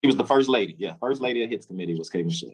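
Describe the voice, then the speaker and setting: Man, interview guest, storytelling, quick pace, halting restarts. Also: lowish voice, slightly rough, rough recording. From Memphis, USA. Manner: lively storyteller, acts out quoted dialogue with halting restarts. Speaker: interview guest, music executive.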